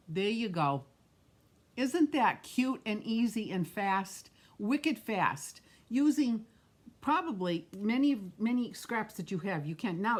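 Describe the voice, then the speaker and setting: Chatty New woman teaching crafts. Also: medium pitch. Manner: chatty, talks to viewers by name. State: has the hiccups. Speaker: craft instructor hosting a live stream. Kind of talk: live-streamed craft demonstration.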